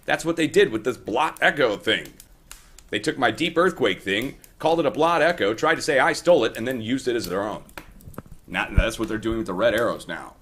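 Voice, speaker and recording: An earthquake forecast video host vents heatedly to his audience, pushing back at critics in an indignant, repetitive way and addressing them as "guys." He speaks fairly quickly with a mid-range, expressive, fairly bright voice.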